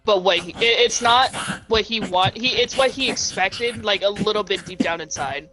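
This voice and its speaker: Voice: medium pitch, moderate pace, music in the background. A player in a tabletop game, thinking aloud and restarting sentences. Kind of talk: casual tabletop role-play.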